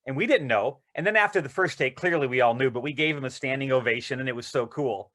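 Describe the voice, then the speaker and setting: A male actor, interviewed as a guest, telling rambling, excited anecdotes in casual conversation. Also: medium pitch, fast talker.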